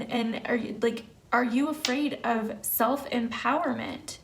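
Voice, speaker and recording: A woman's voice: fairly high pitch, fairly even intonation, a little slow, vocal fry, few pauses, slight background noise. A young woman giving an earnest, emphatic tarot reading to camera in a casual way, full of "like" and "you know". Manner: earnest, emphatic, filler-heavy. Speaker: tarot reader.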